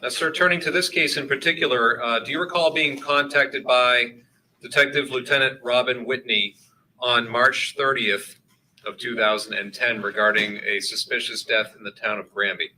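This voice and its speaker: Bright-voiced man questioning a witness. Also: mid-range voice, fairly even intonation, a little hiss or hum, poor audio. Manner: measured, formal questioning. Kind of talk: courtroom examination.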